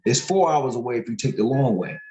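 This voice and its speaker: A man's voice: medium pitch, very animated, brisk, warm tone, a little hiss or hum. A man from Syracuse, hosting a podcast in a blunt, profane, rambling street-talk manner. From Syracuse, New York. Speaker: podcast host. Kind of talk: casual podcast rant. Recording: echoey room.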